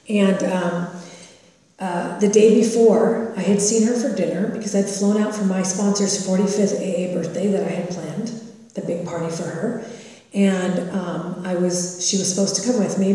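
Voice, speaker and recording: A woman's voice: medium pitch, dark tone. A woman in her fifties from California, speaking at a recovery meeting and telling her own story candidly and with self-mocking humor. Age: 50s. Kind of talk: personal recovery share. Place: large meeting hall. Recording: echoey hall from far off.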